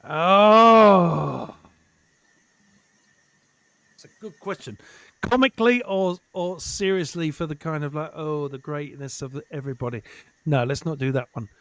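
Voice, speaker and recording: Man, comedian guest, casual chat, animated storyteller, higher voice, dry sound. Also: a little slow, pauses often, smooth, no room sound. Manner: animated storyteller, swears, acts out quoted voices.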